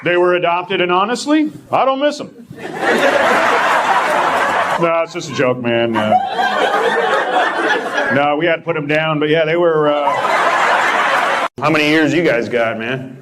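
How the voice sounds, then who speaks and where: A man doing a stand-up set with crowd work, delivering deadpan one-liners and teasing the audience from a club stage. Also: fairly high pitch, unhurried, pauses often, roomy sound, very noisy. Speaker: stand-up comedian. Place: comedy club stage before a live audience. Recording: live club recording with crowd laughter.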